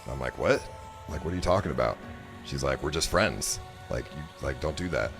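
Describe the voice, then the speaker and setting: A man's voice: rumbling low, animated, fairly quick, over music. A man streamer telling a story to his chat in a casual, rambling way, exasperated and full of fillers and restarts. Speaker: livestreamer.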